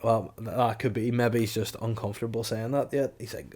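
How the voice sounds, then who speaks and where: A man's voice: mid-range voice, steady tone, normal speed, a little mellow, slight background noise. A man, co-hosting a casual comedy podcast and telling crude stories with frequent laughter. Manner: crude storytelling, laughs often. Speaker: podcast co-host.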